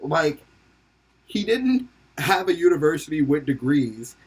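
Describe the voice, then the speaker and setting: A man's voice: fairly high pitch, big pitch swings, measured pace, breathy edge. A young man hosting a podcast, rambling and joking in casual commentary, laughing often and swearing freely. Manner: slips into silly put-on voices for quotes. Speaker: podcast host.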